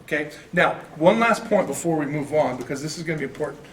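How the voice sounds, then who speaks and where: A man leads a relaxed church class, chatty and quick to laugh at his own mistakes. His voice sits fairly high. He sounds a little far from the mic in an echoey room with faint background noise. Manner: chatty, self-deprecating, laughs often. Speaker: Bible study teacher. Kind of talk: casual classroom teaching.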